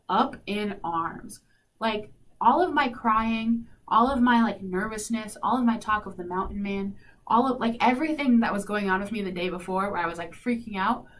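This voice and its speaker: Young female radio host, chatty storyteller, plays out her quotes, a little distant from the mic. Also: fairly high pitch. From South Dakota. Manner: animated, lots of "like", acts out quoted dialogue. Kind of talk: casual storytelling. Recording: faint noise, slightly distant mic.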